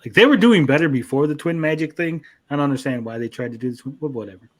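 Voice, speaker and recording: On an anime review show, a young co-host with a voice on the high side runs through episode recaps in casual talk, swearing a lot and popping into quick character impressions.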